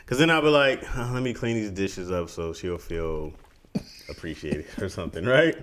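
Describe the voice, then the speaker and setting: Low-voiced man in loose podcast banter. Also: expressive, normal speed, fairly bright tone. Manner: laid-back, joking, swears casually. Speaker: podcast co-host. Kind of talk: casual chat.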